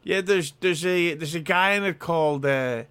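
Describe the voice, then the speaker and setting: A man's voice: a little high, normal speed, a bit bright, smooth. A man co-hosting a casual podcast over a video call, teasing the others with crude shock humor.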